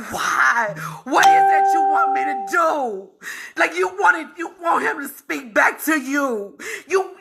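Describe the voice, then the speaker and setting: A woman speaking a raw personal testimony, repeating herself and breaking between tears, laughter and shouts of frustration. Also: sits high, vocal fry. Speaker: vlogger sharing her illness story.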